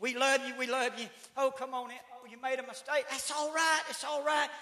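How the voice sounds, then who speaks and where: A man's voice: extremely high pitch, level tone, a little fast, pushed and bright. A man voicing a doting, soothing mother, cooing reassurance to her child. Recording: echoey church room.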